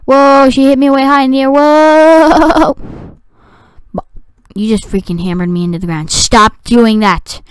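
A woman giving excitable gameplay commentary, talking to the game and shouting at it. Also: fairly high pitch, fairly quick, clean tone, no room sound. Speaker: gaming video creator.

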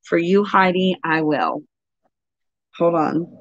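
A woman's voice: lowish voice, slow pace, no echo. Chatty woman hosting a livestream. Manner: chatty, easily sidetracked. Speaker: livestream host. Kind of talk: casual livestream chat. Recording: dull lo-fi audio.

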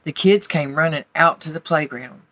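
A woman gently reading a children's picture book aloud to young listeners. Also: low voice, moderate pace, no room sound. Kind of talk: storybook read-aloud.

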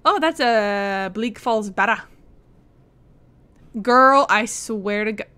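This young woman's voice is medium-pitched, sharp, and clean, and she takes her time speaking. She streams a game with chatty, giggling commentary directed at both the characters and her viewers.

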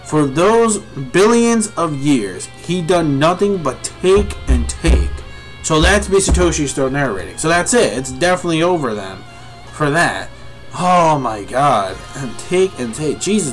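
A young man reviewing a manga live, reading along and reacting to viewers with excitable, profane chatter. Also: a little high, unhurried, faint music behind.

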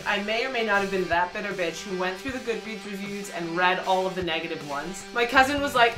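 A woman's voice: mid-range voice, lively intonation, fairly quick, few pauses, over music. A young woman reviewing a book in a casual, emphatic and exasperated vlog rant.

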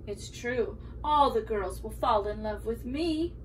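A woman's voice: on the high side, slow. A woman voicing an elderly man who scolds his old hat and fusses to himself, recorded from a distance with faint room noise. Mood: grumpy.

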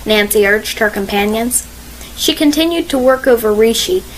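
A woman narrating a mystery audiobook in a measured, expressive reading style. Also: a little high, a little hiss or hum, rough recording.

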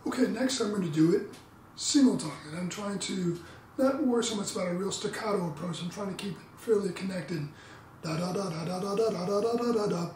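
A man explaining trumpet practice in a relaxed, explanatory way, sometimes singing tonguing syllables. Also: high-pitched. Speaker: trumpet teacher. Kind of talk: instructional demo talk. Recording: roomy, distant mic, faint background noise.

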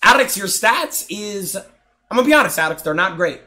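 A young man streaming a game live, chatting loudly and excitably with viewers, often breaking into shouts and laughs. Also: sits high, normal speed. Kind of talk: live gaming stream chat.

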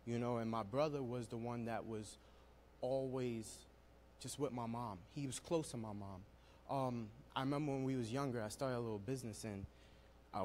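A young man telling his personal testimony at a worship service, speaking with emotional, building storytelling. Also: mid-range voice. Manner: emotional storytelling, rising in intensity.

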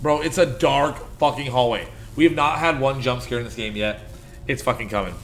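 Over game music, a man streams a horror game in a brisk, medium-pitched, slightly bright voice, with a little hiss or hum on the recording. It's live commentary full of panic: swearing, screams and repeated exclamations.

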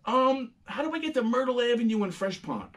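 A man's voice: very high voice, animated, brisk, voice pushed up. A man voicing a lost, polite driver who hesitates with small fillers as he asks for directions.

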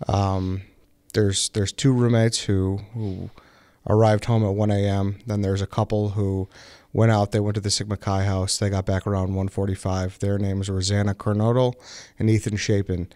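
Young male podcast host, low voice, dry close sound, loose rambling delivery with lots of "um". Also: moderate pace, no echo. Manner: relaxed, filler-heavy storytelling with many restarts. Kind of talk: casual podcast chat.

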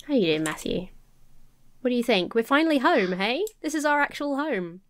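A woman's voice: on the high side, very animated, normal speed, slight background noise. A woman with a stuffy, nasal voice, chatting to herself as she plays a building and farming game. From England. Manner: chatty, talks to herself while sorting items. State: nasal from a cold. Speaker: Minecraft let's player. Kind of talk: casual gameplay commentary.

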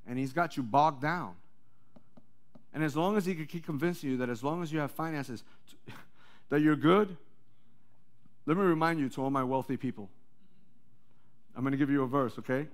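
A male pastor preaching a sermon, swinging between loud rallying calls and low, confiding asides.

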